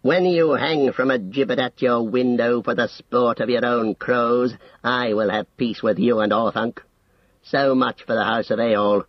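A man voicing an aging, defiant king in an audiobook, making slow, weighty accusations in a gravelly voice. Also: mid-range voice, steady tone, no echo, lightly acted. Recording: dull lo-fi audio, dry.

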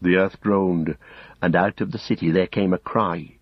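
A man narrating an audiobook in a measured, grave storytelling manner, close to the mic. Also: deep voice, steady tone, no echo. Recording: dull lo-fi audiobook recording.

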